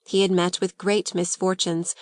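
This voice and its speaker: A woman reading a classic novel aloud as an audiobook narrator, in measured storytelling. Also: lowish voice, level tone, darkish tone, dry recording, studio quality. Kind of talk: scripted narration.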